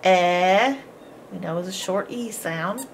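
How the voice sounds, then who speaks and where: Patient teacher, woman, slow and deliberate, spells words sound by sound, faint hiss behind. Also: medium pitch, a bit bright. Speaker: homeschool teacher. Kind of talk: phonics lesson.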